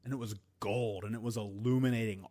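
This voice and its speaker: A man's voice: lowish voice, steady tone, mellow. Earnest man telling a personal story. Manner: earnest and emotional, deliberate pauses. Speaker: podcast host.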